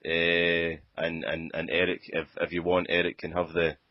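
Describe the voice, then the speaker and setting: Man, broad Glaswegian accent, low voice, stammering chat, dry dull podcast sound. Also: monotone, normal speed, no echo. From Scotland. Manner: giggly, stammering restarts. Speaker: podcast co-host. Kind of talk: casual podcast chat and comic rap.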